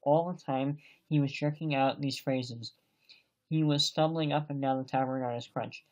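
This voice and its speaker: A man's voice: mid-range voice, darkish tone. A man reading a novel aloud as an amateur audiobook reader, in a plain delivery that sometimes stumbles over words.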